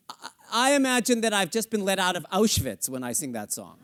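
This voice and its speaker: On a theater stage before a studio audience, a middle-aged man coaches a singer in a live masterclass, acting out the lyrics and a character's inner thoughts in a playful way, sometimes swearing. He talks briskly with hardly any pauses, in a high, fairly bright voice that swings widely in pitch.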